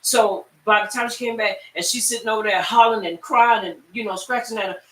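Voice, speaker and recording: A woman teaching a Bible class, telling the story as a lively storyteller and speaking straight to her class. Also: mid-range voice, a little fast, a little hiss or hum. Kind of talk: animated Bible-study teaching. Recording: echoey room, far from mic.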